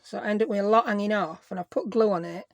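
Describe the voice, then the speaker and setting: Woman, craft vlog host, self-mocking running chatter, mid pitch, dry close sound. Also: quick pace, no echo. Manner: chatty, self-deprecating, talks to herself while working.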